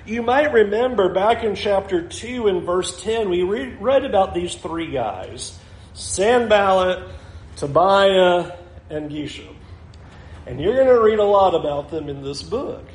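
A man's voice: sits high, lively intonation, measured pace, reverberant, poor audio. A man preaching a sermon in a conversational way, acting out the people in the story as he goes. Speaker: pastor.

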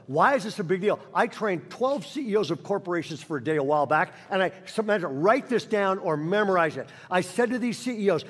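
A man's voice: high-pitched, lively intonation, fairly quick, hardly any pauses, slightly rough. A man preaching a sermon to a church congregation, telling a story and acting out the voices of its characters. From Northern California. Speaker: guest pastor. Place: large church auditorium. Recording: church hall reverb.

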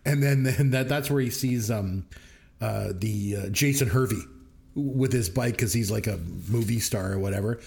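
A man's voice: fairly low pitch, vocal fry, a little mellow. Chatty man recapping film scenes. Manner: enthusiastic, recounts scenes with quick quoted voices. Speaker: podcast co-host. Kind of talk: casual movie review chat.

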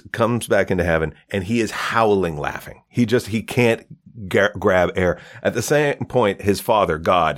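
A man hosting a podcast, telling a long joke and jumping into character voices as he goes. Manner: animated storyteller, acts out characters with pitch jumps. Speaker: podcast host.

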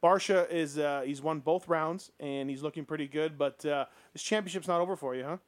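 A man's voice: on the high side, a little fast. A man hosting a radio talk show, loose and joking, with many fillers. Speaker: host. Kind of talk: casual radio chat.

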